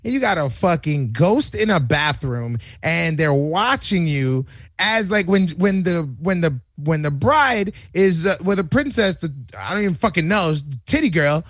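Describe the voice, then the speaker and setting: A man hosting a casual podcast chat, telling stories in an excitable, profane, laughing way. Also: fairly high pitch, a little slow, dry recording, studio quality.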